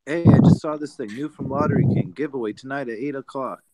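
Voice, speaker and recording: A man's voice: medium pitch, fast, very noisy. A man chatting in a laid-back, teasing way in an online voice chat. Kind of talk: casual voice chat.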